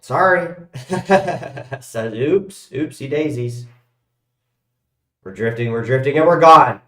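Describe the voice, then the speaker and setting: Guy ranting on a live stream, swears a lot, loud then mumbly, roomy echo. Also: medium pitch, measured pace. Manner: rambling, profane, swings from loud to mumbled. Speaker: crypto livestream host. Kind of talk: casual livestream rant. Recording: echoey room.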